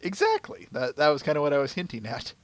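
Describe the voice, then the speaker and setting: A man hosting a casual podcast chat, jokey and quick to laugh. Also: fairly high pitch, dry recording. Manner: giggly, animated, jokey. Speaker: podcast host.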